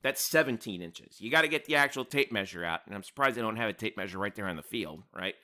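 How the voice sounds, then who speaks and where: A man's voice: lowish voice, animated, fast talker, bright, forceful tone. A man hosting a casual video breakdown of a game, rambling and repeating himself as he talks it through. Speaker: host.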